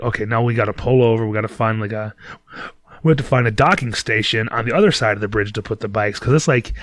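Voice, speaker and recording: A man hosts a podcast in a loose, profane monologue, laughing at his own mishaps as he rambles on. His voice sits in an ordinary middle register. The sound is dry and close, with no room echo. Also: mid-range voice. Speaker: podcast host. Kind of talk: casual storytelling monologue.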